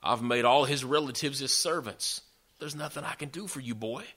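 A man's voice: medium pitch, normal speed, pushed and bright, pitched above the performer's own voice. A man voicing an old father who solemnly pronounces blessings in a sermon retelling.

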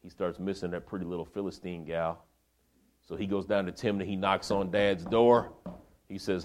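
Low-voiced guy preaching, chatty and animated, tells the story like he's hanging out. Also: normal speed, a little hiss or hum. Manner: colloquial, animated retelling. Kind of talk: sermon storytelling.

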